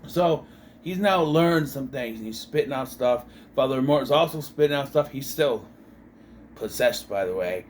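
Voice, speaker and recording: A man's voice: mid-range voice, animated, normal speed, slight background noise. A man giving a rambling, joking movie review with lots of fillers and self-corrections. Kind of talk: casual film review vlog.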